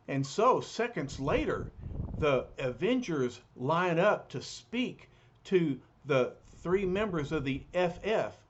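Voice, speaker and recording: Male reader, slow and lively, husky, lo-fi capture; reads a comic aloud for a kid. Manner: expressive read-aloud, raises pitch for quoted heroes. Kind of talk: reading a comic aloud to a child. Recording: dull lo-fi recording.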